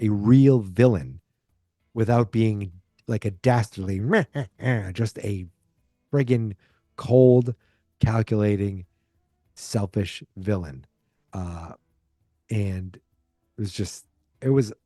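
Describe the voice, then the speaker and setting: A man's voice: on the low side, dark tone, dry recording, clean studio sound. A man hosting a podcast, rambling casually through a movie review, restarting sentences and acting out quoted lines. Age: adult, alive in 1986. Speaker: podcast host.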